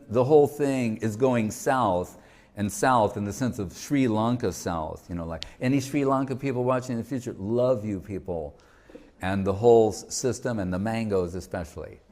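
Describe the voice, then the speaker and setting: Slow, chatty man telling a story. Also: mid-range voice, a little mellow. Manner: joking, chatty, full of restarts. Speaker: spiritual teacher. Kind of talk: casual storytelling talk to an audience.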